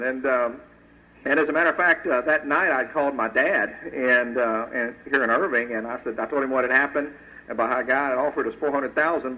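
Man giving a folksy testimony over tinny radio. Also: medium pitch. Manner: folksy, earnest storytelling. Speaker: Christian sculptor giving a testimony. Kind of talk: personal testimony to an audience. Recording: tinny phone-like radio audio.

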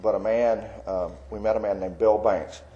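Mellow low-voiced man telling his testimony. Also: fairly even intonation, moderate pace, muffled recording, a little hiss or hum. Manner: rambling, earnest, with fillers and soft laughs. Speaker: Christian artist giving a testimony. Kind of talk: personal testimony storytelling.

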